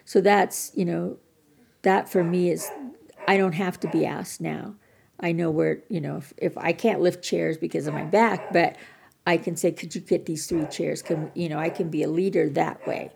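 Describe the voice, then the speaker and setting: Older woman guest, heavy vocal fry, low voice, candid self-deprecating storyteller. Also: steady tone, normal speed, darkish tone. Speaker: podcast guest. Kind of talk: personal recovery story.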